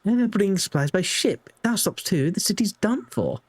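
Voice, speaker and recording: A man's voice: sits high, expressive, brisk, slightly rough, voice pushed up. A man voicing a fretful young mother who chats over the radio in a game, reading her dialogue aloud. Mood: chatty, worried. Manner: chatty, fretful, affectionate.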